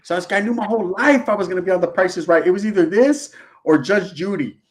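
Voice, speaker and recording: A man's voice: high-pitched, quick pace. A man with a Chicano English accent, hosting a casual, slangy chat full of acted-out quotes. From US West. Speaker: host.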